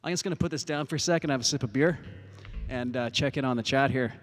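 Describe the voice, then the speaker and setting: A man's voice: mid-range voice, fast, in a large hall. A man hosting a music livestream from an outdoor parking lot on a phone, chatting casually with lots of swearing and fillers, a bit winded after playing. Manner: rambling, profane, many fillers.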